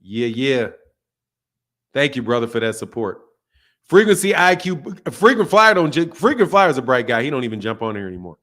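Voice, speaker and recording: Fairly quick and sing-song, this man's mid-range voice carries a slightly bright edge. He hosts a live boxing call-in show, chatting casually, speaking bluntly with plenty of profanity, ribbing his callers and laughing a lot.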